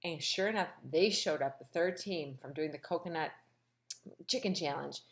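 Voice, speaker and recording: A woman hosting a casual, gossipy recap of a reality show, sassy and animated. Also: moderate pace. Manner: animated, gossipy and sassy, with big pitch swings.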